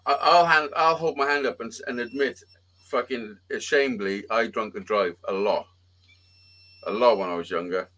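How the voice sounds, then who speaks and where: A man's voice: medium pitch, normal speed. A man telling a rambling, swearing story on a casual live-stream chat as the show's host. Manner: swears a lot, animated storytelling with acted-out quotes.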